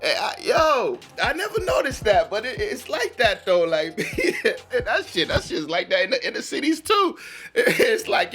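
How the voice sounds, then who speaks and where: A man hosts a reaction video, chatting casually in slangy talk and laughing often. His voice is high and bright. Faint music plays underneath. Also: wildly swooping pitch, measured pace. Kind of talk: casual chat.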